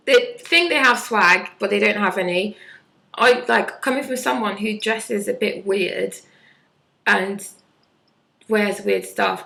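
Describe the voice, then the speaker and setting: A woman's voice: mid-range voice, creaky, fairly bright tone, low-quality recording. Blunt sarcastic young woman. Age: 20s. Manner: blunt, sarcastic, mocking impressions. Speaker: vlogger. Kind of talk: casual vlog chat.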